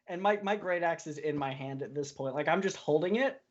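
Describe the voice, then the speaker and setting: A woman's voice: low voice, animated, brisk, few pauses, highs cut off. A woman playing a tabletop game, describing her character's actions expressively. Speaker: player.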